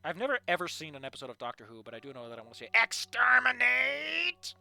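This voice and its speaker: A man reading a story aloud and breaking off with animated, sarcastic asides to the characters. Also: high voice, fast talker, vocal fry, dry recording. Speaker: fanfiction reader.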